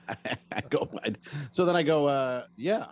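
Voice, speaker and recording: Rambling deadpan comedian, Rhode Island accent. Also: male voice, medium pitch, takes it slowly. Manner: rambling storyteller, deadpan complaints, frequent fillers. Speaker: comedian and podcast co-host. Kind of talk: casual comedy podcast chat.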